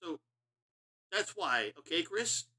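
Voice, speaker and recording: Middle-aged man, casual game commentary, rambling, profane, self-mocking, bright forceful voice, slightly high. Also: very animated, slow pace. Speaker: streamer.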